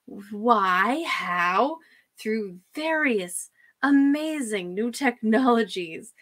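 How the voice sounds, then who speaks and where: Woman ranting, slow and sneering. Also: on the high side, lively intonation, fairly bright tone. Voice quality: scornful, mocking, sarcastic, laughs often. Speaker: channel host. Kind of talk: profane ranting commentary.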